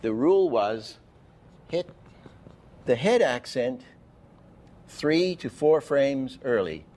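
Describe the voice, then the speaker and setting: A man's voice: mid-range voice, lively intonation, slow, a little mellow. A man giving an animation masterclass lecture, explaining with false starts and counting frames aloud. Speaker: animation teacher.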